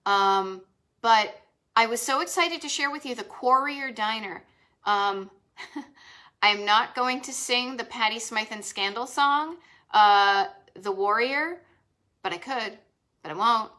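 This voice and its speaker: Bright and pushed, her voice on the high side, a Boston-accented woman takes it slowly as she hosts a retro travel live stream. She chats enthusiastically, wandering into rambling asides.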